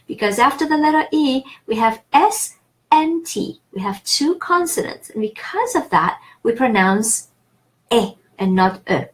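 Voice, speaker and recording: A woman teaching a casual online French pronunciation lesson, chatty and encouraging, with many fillers and restarts. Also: on the high side. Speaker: French tutor.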